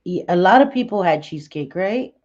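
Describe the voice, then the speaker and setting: Woman ranting on her livestream, lowish voice, kinda muffled lo-fi sound, blunt and swears a lot. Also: brisk. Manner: blunt, profane, excitable, laughs often. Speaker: livestream host. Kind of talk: casual livestream chat.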